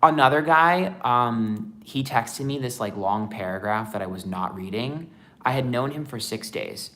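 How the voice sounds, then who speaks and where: A man's voice: mid-range voice, expressive, a little slow, pushed and bright. A man chatting casually on a livestream as a tarot reader, rambling with lots of fillers.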